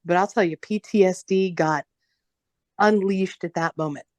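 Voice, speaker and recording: A woman's voice: lowish voice, moderate pace, darkish tone, dry recording. A woman co-hosting a podcast who tells a story casually and with animation, swearing freely, laughing, and stumbling over her words. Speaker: podcast co-host.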